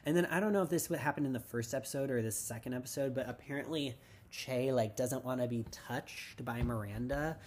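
A man's voice: medium pitch, a little fast, darkish tone, slight background noise. A man hosting a casual TV recap podcast, rambling and sarcastic with lots of "like". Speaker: podcast host.

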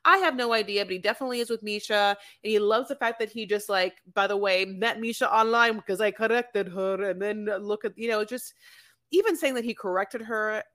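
A podcast co-host, a woman, chats casually and animatedly about a reality show, acting out quotes from it. Her voice is medium-pitched and a little fast.

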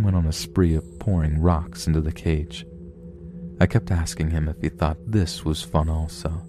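A man narrating a horror story in a slow, grave storytelling manner, with music behind. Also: rumbling low, flat delivery.

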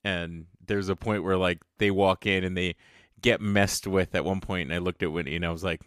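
A man's voice: sits low, steady tone, normal speed, fairly bright tone, smooth, no room sound, clean studio sound. A man co-hosting a podcast in casual chat, laughing often and giving short reactions. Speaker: podcast co-host.

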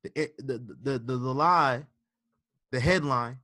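A man's voice: medium pitch, a little slow, pushed and bright, no room sound, studio quality. A man hosting a casual wrestling podcast, rambling with ums and restarts as he vents. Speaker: podcast host.

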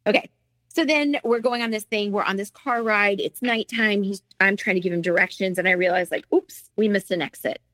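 A woman's voice: mid-range voice, brisk, fairly bright tone, no echo. A middle-aged woman, a guest, candidly telling her own painful story, acting out the lines she quotes. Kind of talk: emotional personal storytelling.

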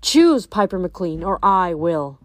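A woman voicing a sleepy, mocking ancient earth goddess in a novel read aloud, soft and menacing. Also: fairly low pitch, very animated, slow, dry recording.

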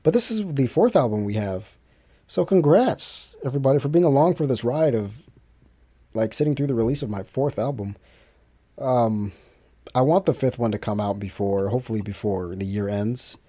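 Husky and mellow, his medium-pitched voice is animated and moves at a moderate pace. The man makes his own music and hosts a podcast, where he rambles in a relaxed solo monologue, restarting sentences and using fillers to bridge gaps.

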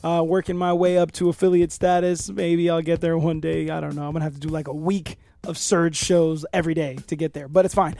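A man's voice: a little high, flat delivery, brisk, gravelly, hardly any pauses, mellow, no room sound. A man hosting a podcast in a loose, laid-back, profane way. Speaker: podcast host. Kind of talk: casual chat.

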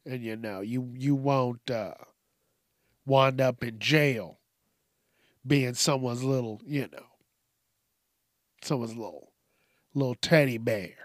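A man's voice: medium pitch, dry recording, clean studio sound. A tired man hosting a casual solo podcast late at night, rambling and swearing as he trails off and restarts. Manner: rambling, profane, self-interrupting. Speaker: podcast host.

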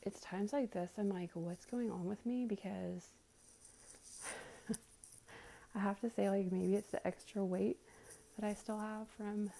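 A winded young woman chats to her viewers as she tidies her living room at home, rambling with fillers and sighs. Her voice is mellow and gravelly, with a little background hum. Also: mid-range voice, steady tone, a little slow, long pauses. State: out of breath. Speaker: vlogger. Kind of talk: casual chat while cleaning.

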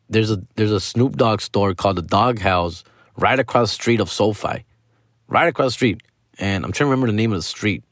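A man's voice: fairly low pitch, no echo, studio quality. Profane rambling man telling a story. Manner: profane rambling, slang and Spanish asides. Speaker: comedy podcast host. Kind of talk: casual comedic storytelling.

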